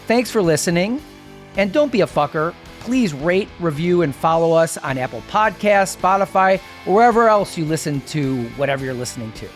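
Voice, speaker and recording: A man in his fifties from Milwaukee hosting a podcast, telling a scripted story and outro in a wry, deadpan, jokey way. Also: a little high, moderate pace, faint music behind. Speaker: podcast host.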